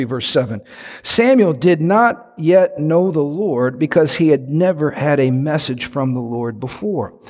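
A man preaching a sermon in a church, telling a story with lively acted-out quotes. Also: a little high, long reverb tail. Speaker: pastor. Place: church sanctuary.

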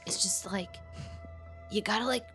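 A woman voicing a cool young male team player who talks low and half-whispered. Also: unhurried, music in the background, natural voice. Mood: hushed.

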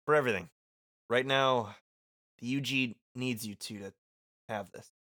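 A man's voice: medium pitch, moderate pace, fairly bright tone, no room sound, studio quality, voice pushed down, lightly acted. A man voicing a blunt, cool-headed young woman, reading game lines on a podcast. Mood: matter-of-fact.

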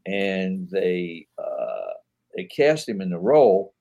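Husky older man telling stories. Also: low-pitched, big pitch swings, slow, dark tone, highs cut off. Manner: rambling anecdotes with many fillers, acts out quoted people. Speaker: podcast guest, actor. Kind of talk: casual interview storytelling.

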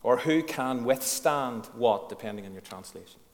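A man's voice: mid-range voice, animated, normal speed. A man preaching a sermon, earnest and frank, who asks his congregation questions and leans on key words. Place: church hall. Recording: echoey church hall.

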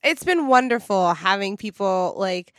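A woman's voice: medium pitch, lively intonation, measured pace, a bit bright, no echo, studio quality. A woman co-hosting a podcast in casual chat, rambling, laughing often and slipping into mock outrage. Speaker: podcast co-host.

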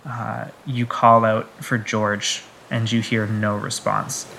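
A man narrating a tabletop game as game master, in measured, descriptive narration. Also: on the low side, level tone, creaky, bright, forceful tone, a little hiss or hum, low-quality recording.

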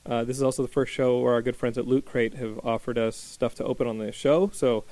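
A man hosting a casual podcast chat in a small studio, energetic and rambling with many fillers. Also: medium pitch, fairly quick, no room sound. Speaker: podcast host. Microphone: studio microphone.

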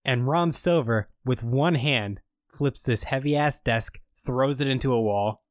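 A man's voice: mid-range voice, a little slow, dry recording, clean studio sound. A man co-hosting a podcast, casually recapping an episode in a rambling way, full of fillers. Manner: rambling storytelling with many fillers. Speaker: podcast co-host recapping a show.

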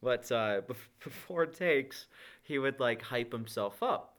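A man on a casual podcast, telling animated anecdotes and laughing often. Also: mid-range voice, slow pace.

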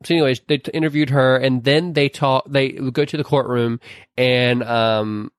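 Young male podcast co-host, lively recap style, jumps into high character voices, dry close-miked sound. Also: moderate pace, dry recording. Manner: animated retelling, acts out quotes in high voices. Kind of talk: casual movie recap chat.

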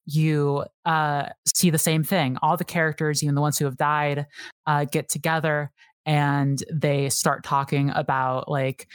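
A woman's voice: sits low, little pitch movement, unhurried, clear, resonant tone, no room sound, clean studio sound. A woman guest on a podcast, talking casually and eagerly, rambling with many fillers and restarts. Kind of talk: casual chat.

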